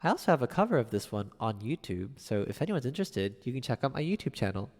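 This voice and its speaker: Chatty man with a lively voice. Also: mid-range voice, fast talker, in a large hall. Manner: reads viewer messages aloud and answers chattily. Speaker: piano streamer. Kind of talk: casual live-stream chat.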